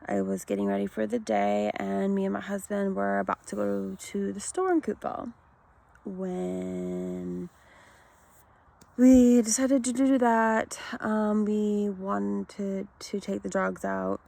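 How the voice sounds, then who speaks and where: Slow, gravelly woman in her thirties. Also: mid-range voice, sing-song, warm tone. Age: 30s. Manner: halting and emotional, many pauses and ums. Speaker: vlogger sharing her health story. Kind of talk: personal storytelling to camera.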